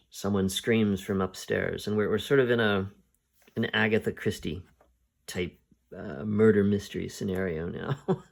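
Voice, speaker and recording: A man hosting a comic review show, retelling the plot in a casual, unhurried, halting way. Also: on the low side, gravelly. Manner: unhurried, halting, thinking aloud. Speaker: podcast host reviewing comics. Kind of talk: casual spoken retelling of a story.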